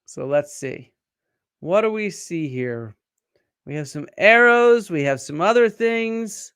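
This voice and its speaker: A man's voice: high voice, lively intonation, slow, fairly bright tone, clear, resonant tone, no echo, studio quality. A man hosting a live-streamed archaeology lecture, explaining step by step, quizzing viewers and answering their comments. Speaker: archaeologist host.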